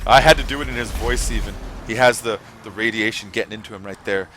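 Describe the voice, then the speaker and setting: Fast and fairly bright with a fairly low pitch, this gaming streamer rambles through casual live chat, full of fillers and swearing. A little hiss or hum sits in the recording.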